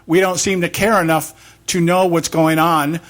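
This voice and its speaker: A man hosting a political talk show, rambling through rhetorical questions and acting out quick imagined back-and-forth exchanges. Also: fairly high pitch, level tone, a bit bright.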